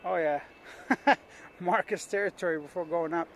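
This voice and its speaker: Guy vlogging on some hills, kinda high voice, chatty and joking at himself, wind and traffic noise behind him. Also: measured pace, rough recording. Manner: chatty, self-mocking, talks to camera. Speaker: travel vlogger. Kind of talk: casual vlog narration. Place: outdoors on rocky hills above a city. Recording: outdoor mic with wind and street noise. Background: traffic, car horns and dogs outdoors.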